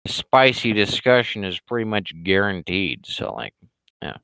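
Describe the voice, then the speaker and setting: Man, low voice, smooth, scratchy throat, sarcastic rambling, dry close mic. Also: very animated, measured pace, pushed and bright, no echo. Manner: sarcastic, rambling, casual swearing. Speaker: cartoonist hosting a weekly live show. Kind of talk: casual livestream commentary.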